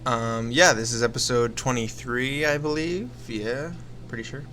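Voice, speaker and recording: A man's voice: mid-range voice, fairly even intonation, a bit bright, a little hiss or hum. A young man co-hosting a comedy film podcast, speaking hesitantly and filling gaps with ums. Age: young adult. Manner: slow, hesitant, full of ums. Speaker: podcast co-host. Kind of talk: casual comedic film chat.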